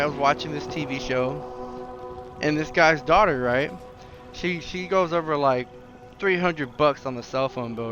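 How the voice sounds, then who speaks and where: A young man chatting casually on a podcast, rambling with lots of "like" and "right?", acting out the people in his stories. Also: a little high. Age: young adult. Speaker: podcast co-host. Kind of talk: casual chat.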